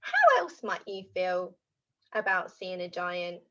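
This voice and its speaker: A woman teaching French words to young children in an animated, sing-song way, modeling each word for the children to repeat. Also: fairly low pitch, slow pace. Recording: dull lo-fi audio.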